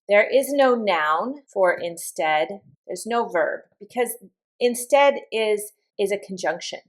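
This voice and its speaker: A woman teaching an English vocabulary lesson, explaining slowly and carefully with example sentences. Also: mid-range voice.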